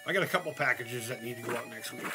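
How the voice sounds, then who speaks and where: A man's voice: mid-range voice, very fast, over music. A man chatting casually during a live retro game stream, swearing often and laughing at himself. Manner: profane, laughing, excitable. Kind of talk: casual live gameplay chat.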